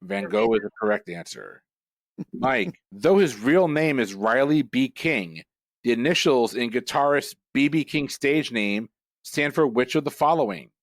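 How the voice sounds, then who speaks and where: A man in a mid-range voice runs a trivia quiz. He reads each question briskly and matter-of-factly, then jokes with the contestants, all on a dry recording with no room sound. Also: medium pitch, expressive, dry recording. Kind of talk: reading quiz questions, casual banter.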